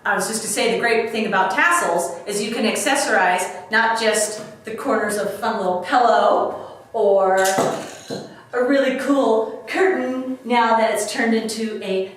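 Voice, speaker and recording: Slow-talking woman in an echoey room. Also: on the high side. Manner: chatty, self-deprecating, talks through each step. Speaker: DIY expert demonstrating crafts. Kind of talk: casual craft demonstration. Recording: echoey room, mic at a distance, faint background noise.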